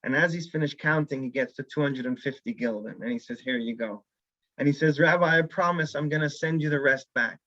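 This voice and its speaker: A man's voice: mid-range voice, brisk, dry recording, dull audio. A man teaching a weekly Torah class as a rabbi, telling a story and acting out the characters' lines. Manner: animated storyteller who acts out characters' lines.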